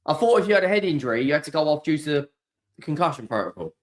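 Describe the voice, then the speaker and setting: A man's voice: on the high side, big pitch swings, rapid-fire. A man hosting a live football watchalong stream, ranting in exasperation and swearing freely.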